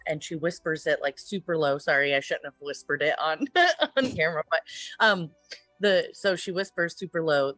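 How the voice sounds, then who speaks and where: A woman's voice: deep voice, moderate pace, fairly bright tone, no echo, soft background music, rough recording. A woman playing in a tabletop game, casually narrating what her character does. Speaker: player.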